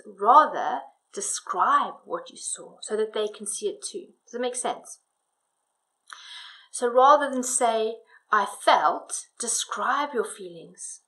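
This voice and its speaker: Woman, storytelling coach, slightly high voice, emphatic instructional delivery. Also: fairly bright tone, poor audio. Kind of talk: instructional talk on public speaking.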